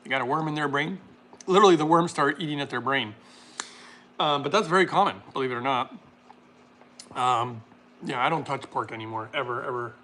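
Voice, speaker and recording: A man hosting a casual livestream, reading chat comments aloud and laughing often while making a smoothie. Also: medium pitch, brisk, pauses often, sharp tone, a little hiss or hum.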